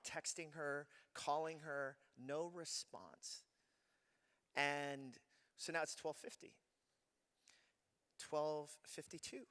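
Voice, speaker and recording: Guy preaching, tells a story all animated, bright sharp voice, long echo in a big church hall. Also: on the high side. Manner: animated storytelling, acts out his own angry shouting. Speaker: pastor. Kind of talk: sermon with a personal story.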